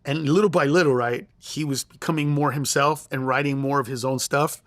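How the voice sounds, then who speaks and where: A man's voice: medium pitch, steady tone, fairly quick, a bit bright, dry recording. A middle-aged man, a comedian guest in an interview, telling stories in an emphatic, profane way with stammering restarts. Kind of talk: animated interview storytelling.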